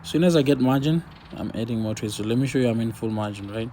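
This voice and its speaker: A man's voice: mid-range voice, quick pace, warm tone, slight background noise. A laid-back man casually commenting on his forex trades while sharing his screen, talking half to himself as he watches the charts.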